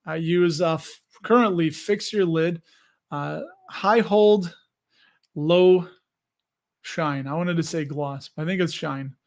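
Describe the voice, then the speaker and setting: A man's voice: fairly high pitch, takes it slowly. A man hosting a casual livestream, reading viewer comments and chatting loosely with frequent laughs. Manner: chatty, laughs often, self-deprecating. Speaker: livestream host reading chat. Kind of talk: casual live chat.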